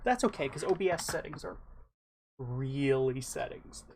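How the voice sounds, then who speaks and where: A man's voice: mid-range voice, lively intonation, measured pace, a little mellow. A tired man streaming a game live, chatting casually and breaking into exclamations and laughter. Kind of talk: casual gaming stream chat.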